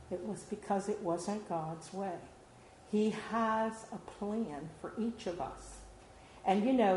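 A woman's voice: mid-range voice, a little mellow. Woman, informal sermon, earnest, conversational, fillers, roomy echo. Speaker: lay speaker giving a devotional. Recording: roomy hall with faint background noise.

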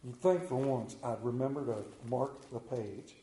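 A man's voice: mid-range voice, unhurried, few pauses, dark tone, echoey room, poor audio. A man preaching a sermon in a folksy, earnest way, reading scripture and speaking of his faith.

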